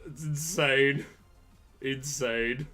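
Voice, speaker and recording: A man, hosting a card-opening video with jokey, excitable commentary and bursts of shouting. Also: mid-range voice, very slow, faint music behind. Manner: excitable, jokey trash talk with sudden shouts. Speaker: trading card channel host. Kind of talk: casual pack-opening commentary.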